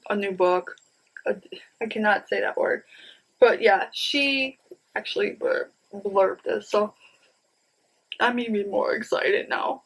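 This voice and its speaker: A woman's voice: on the high side, poor audio. A woman in her thirties chatting casually to viewers about her new books, rambling and enthusiastic, often saying "you guys.". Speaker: book vlogger. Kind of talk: casual book haul chat.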